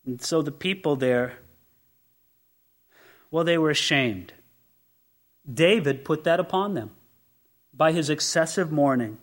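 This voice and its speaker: A man preaching an expository sermon, moving between loud, impassioned exclamation and quiet, intense passages. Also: fairly high pitch, lively intonation, takes it slowly, pauses often.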